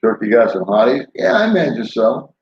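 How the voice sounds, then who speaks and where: A man's voice: mid-range voice, very animated, brisk. Laid-back older man rambling to viewers. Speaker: vlogger answering live chat. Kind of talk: casual live-stream chat. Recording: roomy, dull lo-fi sound.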